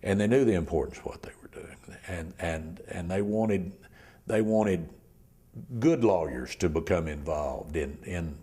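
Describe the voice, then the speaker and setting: Speaking in an oral history interview, an older criminal defense lawyer recounts his story haltingly, repeating words and frequently fading near a whisper. He has a low, warm, husky voice.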